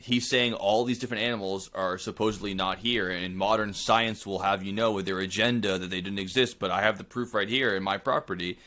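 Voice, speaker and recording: A man's voice: on the low side, steady tone, brisk, few pauses, bright, forceful tone. A man co-hosting a casual podcast chat, joking and riffing. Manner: joking, mimics others with a put-on drawl. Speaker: podcast co-host.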